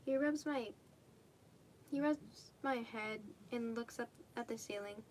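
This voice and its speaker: A woman's voice: a little high, slow pace, a little hiss or hum. A young woman reading fan fiction aloud casually, stumbling and correcting herself and tossing in swearing asides. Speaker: fanfic reader.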